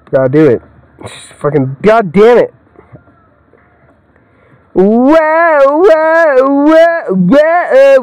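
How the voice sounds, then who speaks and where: A man's voice: mid-range voice, warm tone, dry recording, poor audio. Rambling young man gaming, dry close mic. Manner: rambling, joking, swears a lot, laughs often. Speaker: gamer. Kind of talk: casual let's-play commentary.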